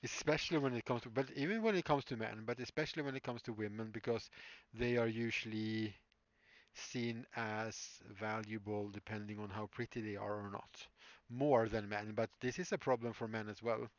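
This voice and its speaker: A man's voice: on the low side, steady tone, moderate pace, dry recording, muffled recording. Rambling man chatting on a live stream. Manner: rambling, answers chat, laughs often. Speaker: livestreaming prop maker. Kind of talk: casual live-stream chat. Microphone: streaming mic.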